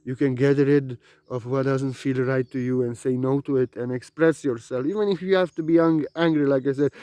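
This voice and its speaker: A man giving an unscripted spiritual talk, repeating his points, pressing them loudly and then dropping to quiet musing. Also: medium pitch, fairly even intonation, fairly quick, few pauses, dry recording. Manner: emphatic and repetitive, swinging between loud urging and quiet musing. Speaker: spiritual teacher.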